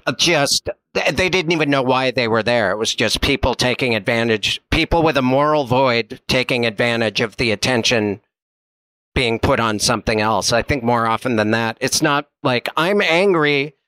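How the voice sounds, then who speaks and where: Man podcast co-host, smooth clear voice, rambling and self-deprecating in casual chat. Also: mid-range voice, moderate pace, bright, forceful tone, dry recording. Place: home.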